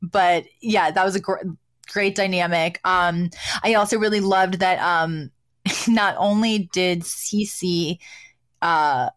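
A woman's voice: fairly low pitch, fairly even intonation, slow, a bit bright. A woman co-hosting a podcast, chatting casually and laughing often while recapping a sitcom episode. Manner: giggly, chatty, many fillers. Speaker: podcast co-host.

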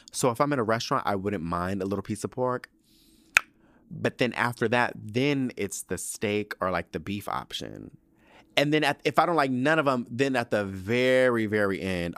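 A young man talks loosely into the mic and drifts from one tangent to the next, swearing freely. His voice sits a little low. The sound is dry and close. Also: a bit bright, dry recording. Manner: chatty, rambling, profane, goes off on tangents. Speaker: podcast host. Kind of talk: casual solo chat.

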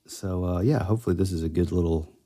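A middle-aged man with a fairly low voice co-hosts a casual podcast. He sounds relaxed and agreeable, and often trails off partway through a thought. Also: quick pace. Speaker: podcast co-host. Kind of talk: casual chat.

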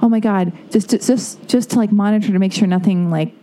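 A woman's voice: mid-range voice, fairly quick, crowd noise. A woman hosting a podcast, chatting candidly and rambling through embarrassing stories with self-deprecating humor. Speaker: podcast host. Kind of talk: casual podcast chat.

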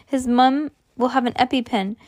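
A woman's voice: sits high, moderate pace, a little mellow, dry recording, pitched above the performer's own voice, close to an everyday voice. A woman reading a storybook aloud, voicing a frantic boy who urges the others to get help. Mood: urgent.

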